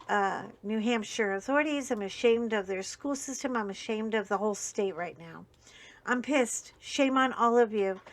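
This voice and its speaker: A woman hosting a casual live stream while coloring, talking in a slow, emphatic, indignant way. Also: fairly high pitch, a bit bright.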